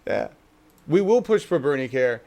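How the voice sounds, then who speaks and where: Guy ranting on a talk show, swears a lot, voice jumps all over, kinda high. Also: big pitch swings, moderate pace, dark tone. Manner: profane, mocking, acts out politicians in quotes. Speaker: co-host. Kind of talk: casual political commentary.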